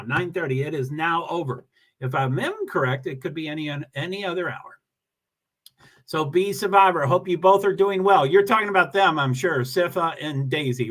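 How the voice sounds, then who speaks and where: A man with a bright, slightly high voice hosts a casual livestream from home by himself. He rambles and pokes fun at himself as he reads viewer comments aloud. His tone stays chatty and loose throughout. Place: at home alone.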